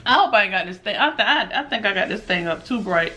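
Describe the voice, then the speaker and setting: A woman's voice: mid-range voice, expressive, fast, pushed and bright, a little hiss or hum. A young woman hosting a casual eating vlog, teasing and talking between bites. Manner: loose, teasing, talks while eating, drawls. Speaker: mukbang channel host.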